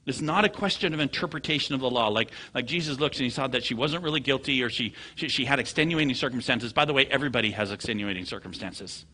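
A man preaching a sermon, telling stories with animated swings from low murmurs to loud high bursts. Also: quick pace, few pauses. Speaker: pastor.

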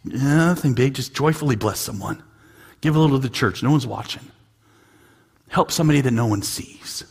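A man with a husky voice delivers a sermon as pastor. He swings from hushed, almost whispered lines up to loud emphatic peaks. He often repeats and restarts words as he presses a point. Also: medium pitch, moderate pace.

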